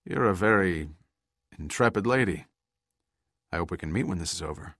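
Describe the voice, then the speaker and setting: A deep-voiced man as a commanding sea captain. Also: animated, normal speed, a bit bright, no room sound, clean studio sound. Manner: firm, direct. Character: bold male sea captain, calm and commanding. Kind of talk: audiobook character reading.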